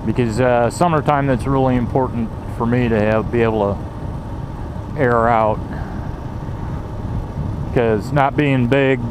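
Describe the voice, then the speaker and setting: Man, slow rambling review, lots of ums and restarts, casual swearing, steady background noise. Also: medium pitch. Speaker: gear reviewer.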